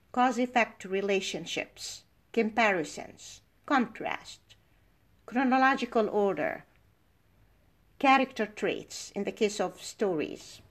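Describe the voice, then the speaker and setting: A middle-aged woman whose first language is Arabic, giving a university lecture and explaining language points through slow worked examples. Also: medium pitch. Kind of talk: recorded lecture.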